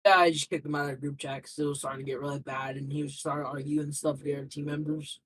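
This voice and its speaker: A man's voice: on the high side, little pitch movement, very fast, a bit bright, a little hiss or hum, rough recording. A young man answering interview questions casually, rambling through a story with lots of fillers and restarts.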